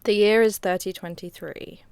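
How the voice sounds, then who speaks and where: A woman's voice: medium pitch, fairly even intonation, normal speed, gravelly, noisy background. A woman casually reacting to an old comedy sketch of hers, chatty and self-mocking and laughing often.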